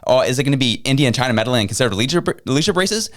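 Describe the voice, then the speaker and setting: Fired-up fast-talking man. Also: mid-range voice, animated, fairly bright tone. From Canada. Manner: rapid, indignant, repeating rhetorical questions. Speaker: podcast co-host. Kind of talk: heated political commentary.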